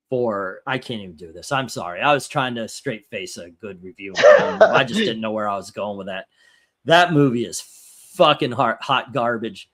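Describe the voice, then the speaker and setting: A man's voice: fairly low pitch, animated, normal speed, a bit bright. A man hosting a casual talk show, chatting loosely with frequent restarts and swearing. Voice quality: rambling, profane, with restarts. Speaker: host. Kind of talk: casual chat.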